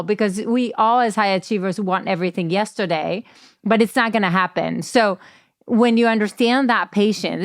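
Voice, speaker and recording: A woman's voice: medium pitch, dry recording, clean studio sound. A woman hosting an interview podcast who follows up in an encouraging, reflective way. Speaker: podcast host. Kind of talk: interview conversation.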